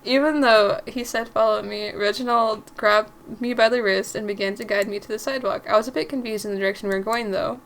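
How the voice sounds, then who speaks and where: A woman's voice: medium pitch, steady tone, brisk, hardly any pauses, fairly bright tone. A young woman reading a visual novel aloud, narrating casually and breaking off to comment and giggle. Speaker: gaming creator.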